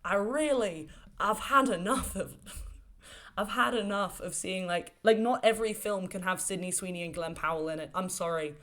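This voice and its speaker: A woman's voice: mid-range voice, moderate pace, a bit bright. A woman hosting a casual solo podcast, talking in an enthusiastic, rambling way with lots of fillers and the odd swear word. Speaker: podcast host.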